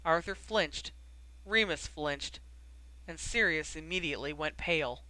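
Narrator, bright crisp tone, dry close sound, steady storybook reading. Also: mid-range voice, measured pace, no echo, poor audio. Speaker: audiobook narrator. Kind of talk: scripted narration.

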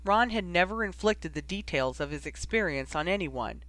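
A man reading fan fiction aloud in a steady, even narration. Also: sits high, moderate pace, no room sound. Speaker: audiobook reader.

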